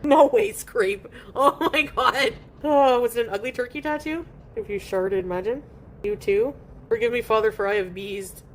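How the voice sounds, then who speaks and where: A woman live streams from home, eating as she chats casually and reads viewer comments aloud in a rambling way. Her voice is fairly high and her pace moderate, with slight background noise.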